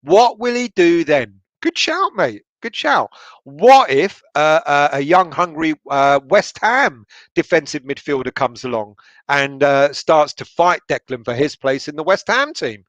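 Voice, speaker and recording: A man's voice: on the high side, lively intonation, measured pace, fairly bright tone, dry recording, lo-fi sound. Sweary, laughing man on a livestream. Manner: laughs a lot, sweary banter with viewers. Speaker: football channel livestream host. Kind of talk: casual livestream chat reading viewer comments.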